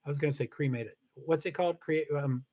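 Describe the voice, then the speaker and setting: A middle-aged man hosting a casual livestream, talking in a rambling, halting way with many restarts and fillers, candid and confessional about his life. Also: fairly high pitch, mellow. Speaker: livestream host. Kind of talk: casual personal livestream talk.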